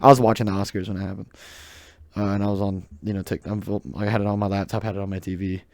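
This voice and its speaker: A man's voice: lowish voice, little pitch movement, fast, a little mellow, dry recording. A young adult man hosting his own podcast in a rambling, joking, loose and opinionated monologue. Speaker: podcast host. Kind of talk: casual solo podcast monologue.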